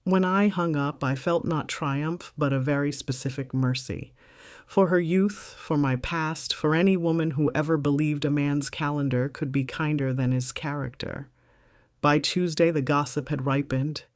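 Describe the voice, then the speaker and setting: A woman's voice: deep voice, fairly even intonation, moderate pace, no echo, studio quality. A middle-aged woman narrating her own story in the first person with a composed, wry, reflective delivery.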